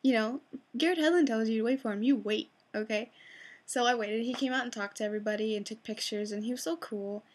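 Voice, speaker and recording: A young woman telling a fan story in a chatty, excitable way, full of fillers and restarts. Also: on the high side, quick pace. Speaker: vlogger.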